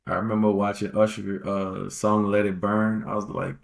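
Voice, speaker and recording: Low gravelly man rambling on a podcast. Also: flat delivery, normal speed. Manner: rambling, repeats phrases for emphasis; slangy, street-casual phrasing. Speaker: podcast host. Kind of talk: casual relationship-advice monologue.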